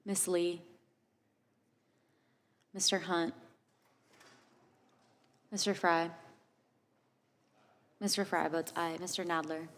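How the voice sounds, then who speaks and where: A woman clerk calling the roll in a committee hearing, in a flat, measured, repetitive way. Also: lowish voice. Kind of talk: roll call reading. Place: large hearing room. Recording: distant voice with long hall reverb.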